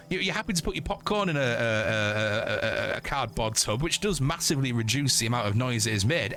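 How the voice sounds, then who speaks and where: A man in his forties, a streamer ranting casually and swearing, with lively storytelling. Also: mid-range voice, fairly quick. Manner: sweary, animated storytelling with mock voices. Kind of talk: casual rant while gaming.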